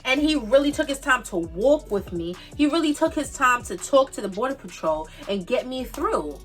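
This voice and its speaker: A woman in her twenties from the Bronx, New York, with a New York accent, telling a storytime tale in an animated, emphatic way and repeating her points. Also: sits high, moderate pace, recorded from a distance, faint music behind. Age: 20s. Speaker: vlogger. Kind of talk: casual storytime monologue.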